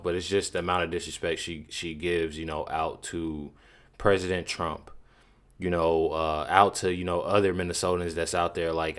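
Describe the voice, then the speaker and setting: Deep voiced young guy ranting on his channel, says you know a lot. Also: a bit bright. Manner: repetitive, lots of "you know" fillers. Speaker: commentary channel host. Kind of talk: casual reaction commentary.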